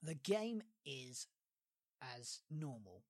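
A man's voice: on the high side, sing-song, drawn-out words, a little mellow, no room sound, clean studio sound. A man with a West of England accent hosting a casual podcast game, giggling often. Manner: giggly, breaks into laughing fits. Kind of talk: casual game show chat.

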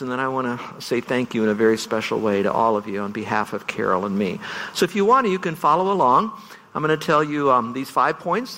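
A male pastor giving a farewell sermon, earnest and unhurried, rising now and then to emphatic bursts. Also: mid-range voice, a bit bright, big-room sound, rough recording.

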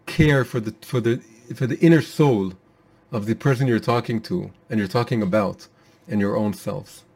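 Man, torah teacher, earnest and emphatic, mid-pitched voice, weekly class.

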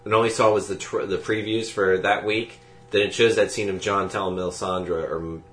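A man's voice: fairly low pitch, steady tone, moderate pace, fairly bright tone. A man co-hosting a podcast in casual chat, throwing in wry joking asides. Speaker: podcast co-host. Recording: echoey room.

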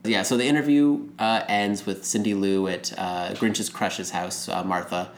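A man rambles through a casual movie recap, acting out the characters' lines as he retells scenes. His voice is lowish and fairly even in intonation, with a measured pace, recorded in a roomy space with faint noise.

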